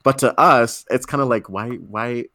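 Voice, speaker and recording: A man's voice: medium pitch, measured pace, bright, forceful tone, no room sound, clean studio sound. A man in his twenties chatting casually about a film on a remote call, rambling through long tangents with restarts. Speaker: podcast co-host.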